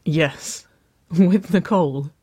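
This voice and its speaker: A reader voicing a shy, lovestruck young woman who speaks softly and sheepishly, with a whiny edge. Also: mid-range voice, sing-song, slow pace, no echo, studio quality, voice pushed up.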